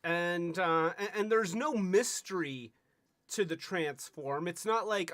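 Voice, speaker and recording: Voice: mid-range voice, takes it slowly, a bit bright, no echo. A livestream host casually reviewing toys, rambling with stammering restarts and playful asides. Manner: bursts into silly sing-song jingles.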